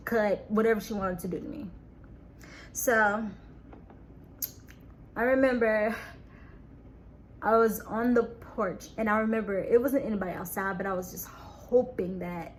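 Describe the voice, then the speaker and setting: A woman telling a personal story to camera, halting and earnest, repeating words and restarting sentences, often trailing off quietly. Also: medium pitch, slight background noise. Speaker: vlogger.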